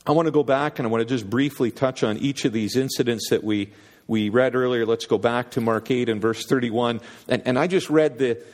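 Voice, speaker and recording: A man preaching a sermon in an earnest, conversational way, with a middle-pitched voice. He often repeats words as he builds toward each point. A long reverb from a hall hangs behind his words. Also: a little mellow. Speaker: pastor.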